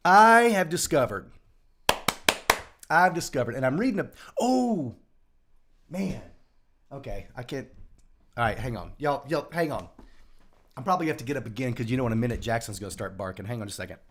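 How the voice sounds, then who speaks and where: A middle-aged man with a drawl, chatting on a live stream from his home. He rambles and jokes, jumping from loud, excited bursts to quiet asides. His voice sits at an ordinary middle pitch. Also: fairly quick, pauses often, a little hiss or hum. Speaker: host of a daily live show. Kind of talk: casual live-stream chat. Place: home room. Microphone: live stream over home internet.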